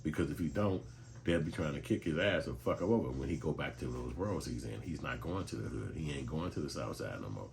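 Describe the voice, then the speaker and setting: A man from talks in a low, deep voice, delivering blunt, streetwise commentary full of profanity. A quiet hiss sits faintly under his voice. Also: lively intonation, fairly quick, vocal fry. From Chicago. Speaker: commentary channel host.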